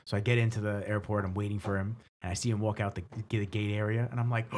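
A man hosting a podcast in casual chat, telling stories in a lively way and acting out the voices of the people he quotes. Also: fairly low pitch, very fast, hardly any pauses. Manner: animated storyteller who acts out quoted voices. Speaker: podcast host.

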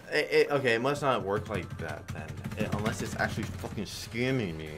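A man with a low, deep voice gives loose, profane running commentary on his own slot play, cursing and reasoning aloud in a frustrated tone. Faint music plays underneath. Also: expressive, fairly quick, few pauses, a bit bright. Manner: frustrated, swearing, thinking aloud. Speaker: online slot streamer.

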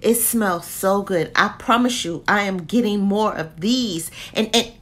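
A woman's voice: medium pitch, measured pace. A woman reviewing a candle in a casual, slangy vlog full of laughs. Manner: animated, slangy, laughs often.

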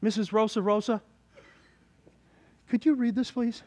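A man preaching a sermon in a church, exuberant and jokey, swinging between loud bursts and hushed lines. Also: sits high, fairly even intonation, measured pace. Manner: exuberant, jokey, shouts and drops to near whispers. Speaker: pastor. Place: church sanctuary.

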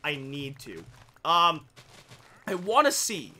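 A man's voice: fairly high pitch, huge pitch swings, slow, pushed and bright, slight background noise. A young man commentating his own game, jittery and panicky, repeating phrases and yelping. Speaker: gaming YouTuber. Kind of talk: Let's Play commentary.

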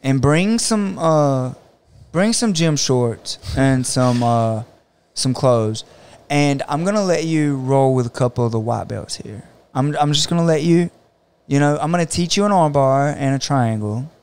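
A jiu-jitsu coach talks casually on a podcast in a clear, resonant, medium-pitched voice, taking his time. He tells stories animatedly, acting out other people's words.

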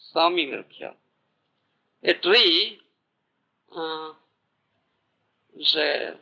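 A man with an Indian English accent tells a devotional story as a spiritual teacher. He speaks slowly in a gravelly, husky voice and keeps checking that his listeners follow. The old tape is dull and lo-fi. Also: on the high side, pushed and bright.

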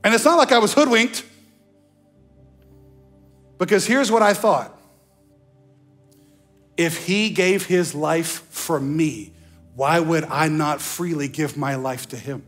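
High-voiced animated male preacher. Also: slightly rough, faint music behind. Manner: animated preaching with sudden pitch jumps and mock voices; slows down for emphasis on key phrases. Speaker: pastor. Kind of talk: sermon. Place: church sanctuary.

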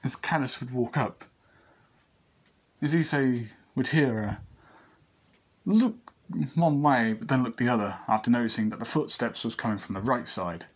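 A man with a husky voice reads a fan story aloud in a casual, rambling way. He restarts sentences and adds asides as he goes, at a medium pitch. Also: normal speed, long pauses.

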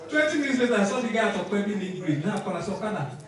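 A man's voice: high-pitched, fast talker. A Nigerian man hosting an event, telling comic stories to a crowd and switching into pidgin and Yoruba as he goes. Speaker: event host. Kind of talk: comedic storytelling to a crowd. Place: event hall. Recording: echoey hall from far off.

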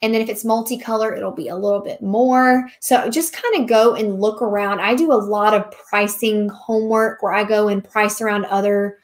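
Chatty woman hosting a livestream. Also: medium pitch. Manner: chatty, laughs often, thanks viewers. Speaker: livestream host, craft seller. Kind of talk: casual live Q&A chat.

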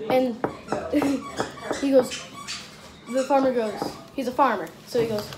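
A teenage girl telling jokes casually, rambling and giggling as she goes, pitching her voice up for characters. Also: a little slow, long pauses, noisy background. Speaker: joke teller.

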